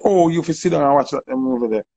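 A Jamaican man telling a story in casual, animated patois, acting out the people he quotes. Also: fairly high pitch, quick pace, muffled recording, a little hiss or hum. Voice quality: gravelly, husky.

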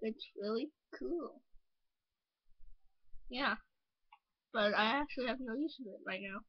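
A woman's voice: a little high, unhurried, breathy edge, no room sound, muffled recording. A woman voicing a cocky young male hedgehog hero in a fan dub, boastful and rambling. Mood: carefree.

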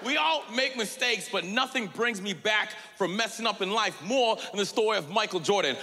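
Male stand-up comic, high and husky, punchy delivery in a big reverberant hall. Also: lively intonation, moderate pace, sharp tone. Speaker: stand-up comedian. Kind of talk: stand-up comedy set. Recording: live hall with long reverb. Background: audience laughter.

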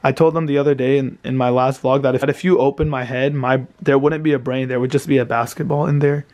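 A man's voice: mid-range voice, steady tone, quick pace, a little mellow. A man in his twenties venting in an exasperated, self-pitying rant about his team losing, filmed at home late at night. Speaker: vlogger. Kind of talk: venting sports reaction vlog.

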